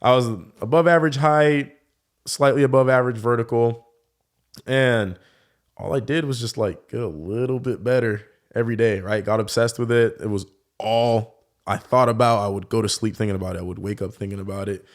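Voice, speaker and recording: A young man with a medium-pitched, brisk voice is a guest on a casual podcast, where he works as a professional dunker. He tells stories in a loose, relaxed way, sprinkling in lots of "like" fillers.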